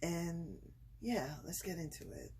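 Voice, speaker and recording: A woman telling a personal story in a casual vlog from home. She talks hesitantly with many fillers and pauses, and gets excited and laughs as the story builds. Her throat is slightly itchy from screaming. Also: on the low side, slightly rough. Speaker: vlogger.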